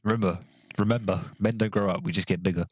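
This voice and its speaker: A man casually joking and rambling while commentating on a building game, sometimes counting quietly under his breath. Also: on the low side, fairly even intonation, quick pace. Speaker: gaming channel host.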